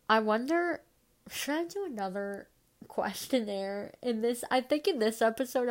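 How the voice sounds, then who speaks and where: Congested woman chatting on a podcast. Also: medium pitch. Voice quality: nasal from congestion. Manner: rambling, self-deprecating, many "like"s. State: stuffed up, congested. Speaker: podcast host. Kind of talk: solo podcast chat.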